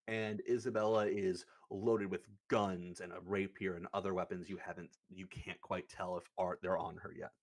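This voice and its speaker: A young man running a tabletop game, recapping the session in a casual, rambling, profane way. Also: lowish voice. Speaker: game master. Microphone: streaming setup.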